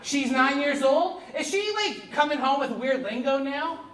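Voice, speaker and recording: A Canadian man in his thirties doing live stand-up comedy on a theater stage, animated and profane, working the crowd and breaking into shouts. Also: extremely high pitch, unhurried, noisy background. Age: 30s. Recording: echoey theater with loud crowd laughter. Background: audience laughter.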